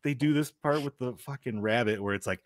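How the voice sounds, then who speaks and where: A man chatting loosely on a podcast, excitedly recounting an episode and dropping "dude" and curse words at every turn. His voice sits at an ordinary pitch, and the dry, close sound has no room to it. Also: brisk, dry recording. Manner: animated storyteller, swears a lot, says dude. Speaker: podcast co-host. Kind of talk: casual chat.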